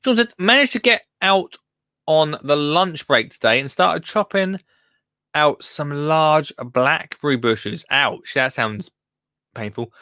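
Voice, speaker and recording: Male host, gravelly voice, rambling live-show chat, reads listener comments, dry close mic. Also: a little high, lively intonation, slow, sharp tone, no room sound. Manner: rambling and chatty, breaks off mid-sentence. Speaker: gardening podcast host.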